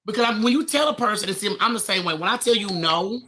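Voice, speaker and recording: A woman on a casual podcast who talks bluntly, swears a lot and breaks into loud laughter. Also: medium pitch, expressive, quick pace.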